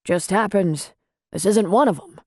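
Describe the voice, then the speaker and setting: A woman voicing a calm, plain-spoken man who runs a small-town bar, in an audiobook. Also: mid-range voice, measured pace, no room sound, studio quality. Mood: steady. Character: Jack, male small-town bar owner, calm and steady.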